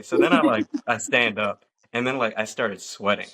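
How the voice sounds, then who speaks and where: A man in his thirties hosting a casual podcast chat, telling stories with lively acted-out quotes. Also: mid-range voice, a little fast. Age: 30s. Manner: animated storyteller acting out quotes. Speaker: podcast host.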